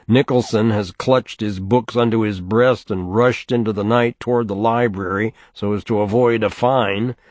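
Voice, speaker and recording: A man's voice: on the low side, fairly even intonation, moderate pace, hardly any pauses, darkish tone, dry recording, lightly acted. A man voicing a sardonic young male economics graduate student, wry and exasperated, in an audiobook reading. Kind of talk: audiobook character voice.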